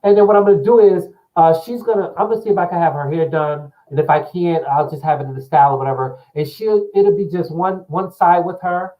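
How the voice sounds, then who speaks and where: A man's voice: on the high side, a little fast, hardly any pauses, phone-quality sound. A man vlogging to his camera in a loose, meandering way, with many fillers and restarts. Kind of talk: rambling casual chat to camera.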